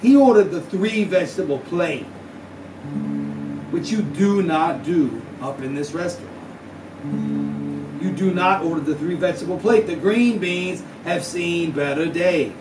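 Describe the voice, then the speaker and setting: A man's voice: high-pitched, a little slow. A man telling a hyperbolic, slang-heavy comic story at a live house show, with a drawling delivery. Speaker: musician telling a story on stage. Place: small house-show venue. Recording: echoey room, far mic, live music. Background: guitar.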